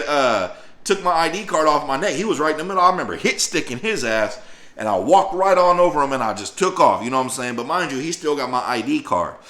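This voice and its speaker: A man telling a story to the camera, loose and profane, jumping into voices and sound effects as he goes. His voice sits at a middle pitch and rings in a roomy, echoey space. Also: a bit bright. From northern Louisiana. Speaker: vlogger telling a personal story. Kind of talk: casual storytelling.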